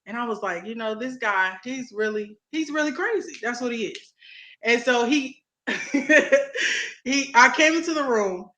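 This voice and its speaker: Bright, animated young woman in a roomy space. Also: fairly high pitch, a little slow. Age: young adult. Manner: animated, laughing storyteller with restarts. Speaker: co-host. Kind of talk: casual chat, storytelling.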